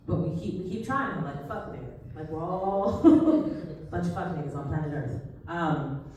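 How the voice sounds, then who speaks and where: A woman's voice: low-pitched, moderate pace. A young American woman doing a stand-up comedy set, talking in a wry, conversational way and laughing at her own punchlines. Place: comedy club stage. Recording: echoey club, mic at a distance, faint hum.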